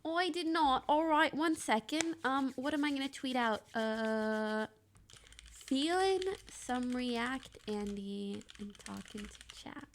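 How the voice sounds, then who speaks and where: High-pitched woman streamer chatting away at her desk mic, bubbly, mutters in whispers sometimes. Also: slow pace, a little hiss or hum. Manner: bubbly and chatty, drifts into soft whispers to herself. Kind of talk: casual live-stream chat.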